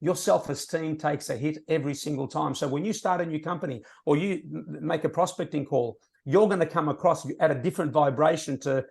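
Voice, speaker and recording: A man's voice: fairly high pitch, brisk, gravelly, few pauses, darkish tone. A man talking passionately and emphatically on a team training call, sharing prospecting tips.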